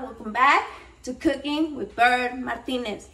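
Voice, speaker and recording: A woman in her thirties with a high voice, rambling excitably to her viewers and swearing freely. She slips Spanish slang into her English and sounds a bit shaky. She sits a step back from the mic. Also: measured pace, far from the mic, slight background noise, poor audio. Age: 30s. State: a little shaky and nervous. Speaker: cooking vlog host. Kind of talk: casual rambling chat to camera.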